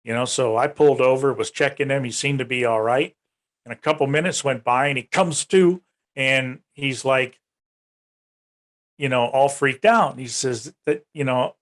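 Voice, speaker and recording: A man's voice: normal speed, a bit bright. A man guest on a podcast interview, telling a long personal story in a casual way and lifting his voice to act out what others said. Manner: retells events in long runs, raising his pitch to act out quoted speech. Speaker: UFO research organization director, guest.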